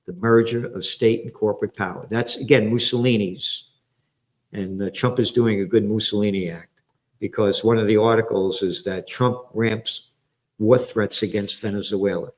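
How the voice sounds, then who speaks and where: A man from the Bronx, hosting ranting political commentary in a profane, sarcastic, heated way, jumping from topic to topic. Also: on the low side. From the Bronx, New York. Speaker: commentator and host.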